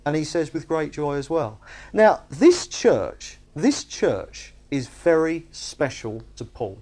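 A man's voice: a little high, slow. A man preaching a sermon, emphatic and conversational, often asking his listeners whether they see his point. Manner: animated, emphatic, asks the congregation "you see?".

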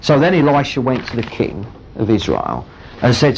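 A man preaching a sermon, retelling a Bible story with lively storytelling. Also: mid-range voice, normal speed, creaky, a little hiss or hum. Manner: storytelling, animated, acts out the characters. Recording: muffled lo-fi recording.

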